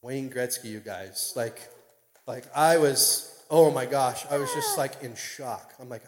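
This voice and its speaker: A man, a pastor, tells a personal story to an audience in an excitable, rambling way full of fillers. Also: medium pitch, measured pace, crowd noise. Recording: long reverb of a large hall.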